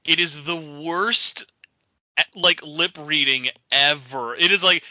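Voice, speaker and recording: A man hosting a gaming podcast in casual chat, animated and quick to laugh. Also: on the high side, no echo. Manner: animated, laughing, imitates others. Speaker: podcast host. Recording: dull lo-fi audio.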